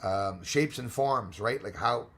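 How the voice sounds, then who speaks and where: Man, live-stream host, casual chat, rambling, excitable, gravelly voice, mid pitch. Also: slow pace. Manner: rambling, excitable, thinks aloud while reading.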